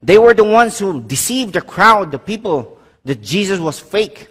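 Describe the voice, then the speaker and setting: A man's voice: sits high, big pitch swings, moderate pace, a bit bright, breathy edge, big-room sound. A man preaching a sermon as pastor, emphatic, swinging his voice up and down for stress and putting questions to his congregation.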